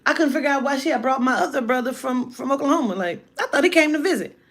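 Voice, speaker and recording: A woman with a fairly high voice tells a personal story straight to her listener in a loose, casual monologue. She talks in an animated, emphatic way and swears freely. Her delivery is blunt and direct throughout. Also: fast talker.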